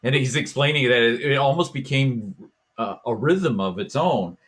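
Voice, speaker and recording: A man hosting a talk show, telling a story in a casual, animated way and acting out voices and chants as he goes. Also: medium pitch, normal speed, husky. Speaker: podcast host.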